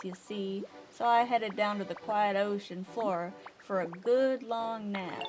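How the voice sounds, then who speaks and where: A woman doing a drawling Southern sea giant. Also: lightly acted. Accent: Southern US, put on. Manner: slow drawling folksy talk with booming laughs. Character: huge laid-back male sea Pokémon, easygoing.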